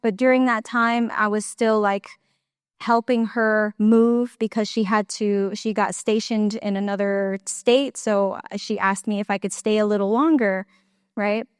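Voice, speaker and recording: A woman's voice: mid-range voice, fairly even intonation, unhurried, clean tone, no room sound, clean studio sound. A young woman giving a personal testimony at a church conference, talking casually with lots of fillers and little laughs. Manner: conversational storytelling with many fillers, laughs often. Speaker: conference speaker.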